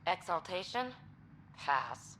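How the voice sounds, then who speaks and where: A wry, low-voiced squadmate. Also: female voice, very animated, slow, slight background noise, heavily acted. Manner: wry, quipping. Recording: game audio over loud music.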